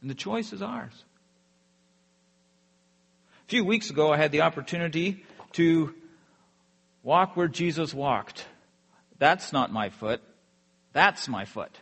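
Earnest preacher man with a slightly high voice. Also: expressive, takes it slowly, gravelly, long pauses, breathy edge. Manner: earnest, drops softly at phrase ends. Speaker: pastor. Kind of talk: sermon.

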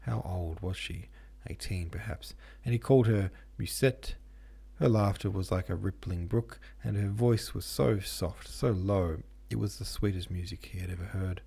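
A man reading a classic novel aloud as an audiobook narrator, measured and steady. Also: deep voice, creaky, husky. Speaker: podcast host and audiobook reader.

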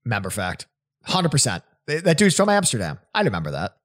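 A man co-hosting a casual podcast, playful and quick to laugh. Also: medium pitch, huge pitch swings, a bit bright. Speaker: podcast co-host.

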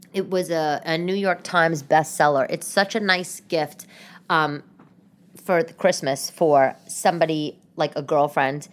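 A woman hosting a casual solo podcast from her living room, chatty and rambling, with sudden sarcastic high-pitched outbursts. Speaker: podcast host.

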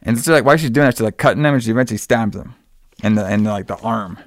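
A man's voice: fairly low pitch, racing, no echo. A man casually retelling a film's plot, full of fillers and quoted lines.

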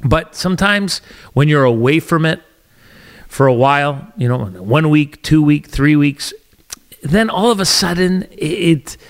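A man's voice: fairly high pitch, animated, a little slow. A middle-aged Canadian man hosting a solo podcast, rambling and sarcastic, often restarting his sentences. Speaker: podcast host.

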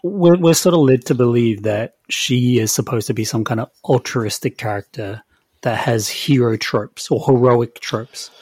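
A man's voice: medium pitch, moderate pace, darkish tone, breathy edge, dry recording. A man hosting a podcast, reviewing a TV series in casual, chatty talk full of fillers and hedges. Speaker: podcast host.

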